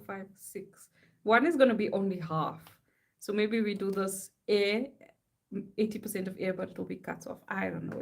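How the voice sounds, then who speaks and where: A woman's voice: medium pitch, gravelly, a little mellow, husky. A woman, chatting casually while she works on art. She reads silly slogans aloud in a playful, mock-serious chant. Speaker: artist live-streaming.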